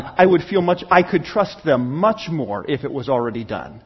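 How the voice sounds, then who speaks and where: A man's voice: mid-range voice, very animated, moderate pace, hardly any pauses, husky, lo-fi sound. A pastor preaching a candid, conversational sermon, acting out little dialogues and often restarting his sentences. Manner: stammering restarts.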